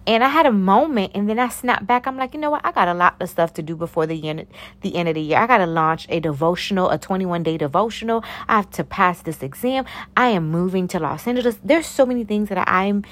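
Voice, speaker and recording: A young woman speaks straight to her viewers in a casual, preachy way, handing out faith encouragement. She is animated, with a middling voice, and she keeps calling her listeners honey and sugar plum. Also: medium pitch, quick pace. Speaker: faith-based encourager and YouTuber. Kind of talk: casual motivational talk to viewers.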